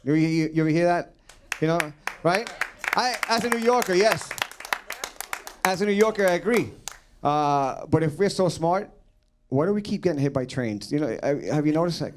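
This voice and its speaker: High-pitched man, stand-up comedy set, rambling delivery with fillers, faint background noise. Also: expressive, moderate pace, long pauses. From New York City. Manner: rambling, many uh fillers and restarts.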